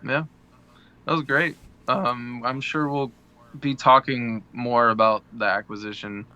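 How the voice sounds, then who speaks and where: A relaxed man co-hosting a gaming podcast who laughs often. His voice is bright and forward, smooth and clean, at an everyday middle pitch. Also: unhurried, lo-fi sound. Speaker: podcast co-host. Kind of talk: casual chat.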